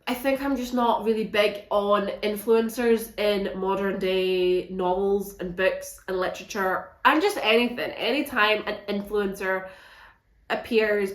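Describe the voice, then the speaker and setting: A woman chatting through her monthly reads in a frank, animated vlog, not shy about swearing. Her voice sits in a middle pitch and carries a noticeable echo from the room. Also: moderate pace. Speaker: book reviewer. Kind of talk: casual monthly book wrap-up vlog.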